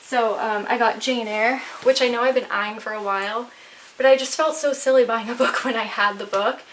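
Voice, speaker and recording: A woman's voice: on the high side, steady tone, moderate pace. Chatty young woman, slightly breathless. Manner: chatty, enthusiastic, many fillers. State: a little out of breath. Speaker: vlogger. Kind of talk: casual book haul chat. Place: at home, near her bookshelf. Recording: slightly distant mic, faint noise.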